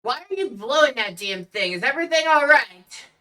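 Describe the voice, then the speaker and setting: A woman voicing a gruff, irritated male bartender who grumbles and swears in a raised, higher voice. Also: expressive, normal speed, pushed and bright, distant mic.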